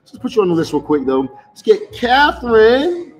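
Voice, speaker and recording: A man chatting casually on a live stream as a tarot reader, pitching spells in a loose, salesy way full of fillers. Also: huge pitch swings, normal speed, faint music behind, poor audio.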